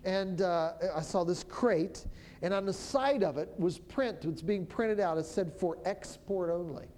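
A minister telling a story of prophesying over people, in a relaxed conversational way that often stops and restarts. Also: mid-range voice, measured pace, slight background noise. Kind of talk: storytelling testimony.

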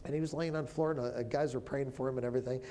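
A minister telling a story of prophesying over people, in a relaxed conversational way that often stops and restarts. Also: mid-range voice, very fast, slight background noise. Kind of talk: storytelling testimony.

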